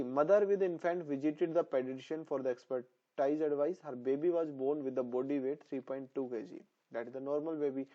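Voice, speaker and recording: A man teaching a pediatrics lesson, repeating terms over and over for memorization, his voice a little hoarse. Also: mid-range voice, dark tone. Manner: repetitive, drilling terms for memorization. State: voice slightly hoarse. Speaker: nursing exam tutor. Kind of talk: online lecture. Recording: dull lo-fi sound.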